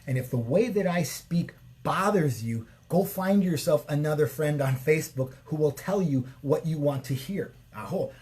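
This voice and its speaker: A man's voice: fairly high pitch, expressive, moderate pace, hardly any pauses, darkish tone. A man, a shamanic healer, giving an unscripted spiritual talk to his viewers in repetitive, chant-like phrases and sometimes blunt, profane words. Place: Sedona, Arizona.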